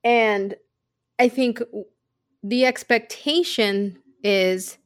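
A woman's voice: fairly high pitch, very slow, no room sound, studio quality. A woman co-hosting a podcast in casual chat, reflective and candid, telling personal stories. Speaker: podcast co-host.

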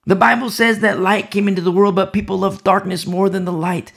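A male preacher delivers a sermon with fervent urgency, dropping from strong declarations into near-whispers. His voice is gravelly with a husky edge and sits a little high for a man. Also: level tone, a little fast. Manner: fervent, dramatic swings from loud declarations to whispers.

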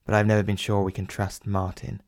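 A man's voice: on the low side, completely flat delivery, fairly quick, a little mellow, no room sound. Wry male narrator, dry close mic. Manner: wry inner-voice narration in second person. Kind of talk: audio drama narration.

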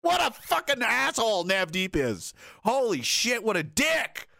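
A man's voice: high voice, sing-song, unhurried, gravelly, sharp tone, no echo. A man hosting a live stream, reading out chat and rambling in a casual, profane way while laughing often.

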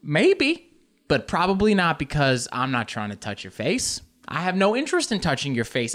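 A young man chatting casually to camera, animated and jokey, joking about how much he talks with his hands. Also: fairly high pitch, moderate pace.

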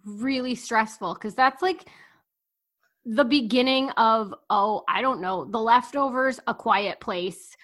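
Podcast co-host, middle-aged woman, chatty and animated, slightly high voice. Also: takes it slowly. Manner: animated, rambling, laughs often. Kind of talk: casual chat.

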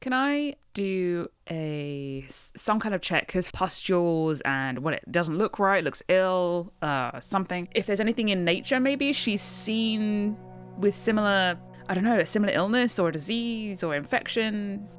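A woman's voice: mid-range voice, animated, measured pace, soft background music. A woman playing in a tabletop game, chatty, swearing when rolls go badly. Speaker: player. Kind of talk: casual tabletop play.

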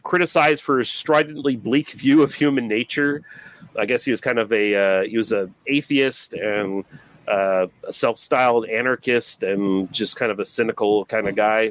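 A man's voice: fairly low pitch, moderate pace, no echo. A man co-hosting a movie podcast in casual chat, loose and rambling, with many fillers and trailing remarks. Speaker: podcast co-host.

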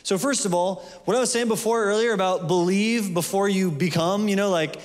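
A man's voice: sits high, brisk. A man preaching a sermon in a loose, conversational way, full of fillers and restarts, recorded in a church hall.

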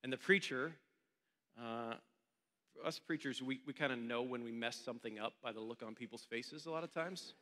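A man's voice: medium pitch, moderate pace, pushed and bright, big-room sound. A male pastor telling a story during a sermon in a church meeting room, in a loose, conversational way.

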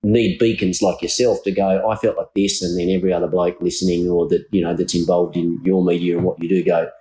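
A deep-voiced Australian man hosts a podcast conversation, speaking earnestly and circling back to rephrase. His voice carries a roomy echo. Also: flat delivery, fairly quick, dark tone. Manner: earnest, searching, many restarts. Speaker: podcast host. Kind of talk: conversational interview.

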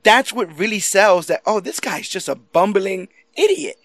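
A man chatting casually about movies, animated and laughing often, swearing now and then. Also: sits high, moderate pace, no room sound.

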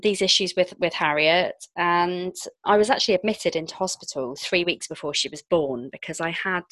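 A woman tells a personal story candidly and expressively. Her voice sits a little low yet sounds crisp and bright. The recording is close and dry. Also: no echo. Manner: frank, expressive, quick asides. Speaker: podcast guest, entrepreneur.

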